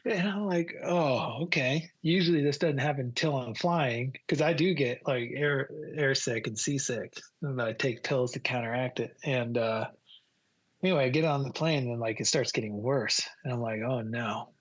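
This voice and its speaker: A man, a guest photographer, telling a story in a casual, animated way and laughing as he goes. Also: mid-range voice, moderate pace, dull audio.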